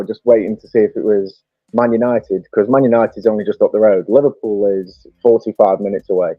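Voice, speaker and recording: A man's voice: lowish voice, steady tone, fast talker, no echo. Stoke-accented English man telling stories. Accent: Stoke-on-Trent English. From England. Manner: chatty storyteller, laughs often. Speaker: podcast guest. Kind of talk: casual chat. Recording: dull lo-fi dry mic with faint music.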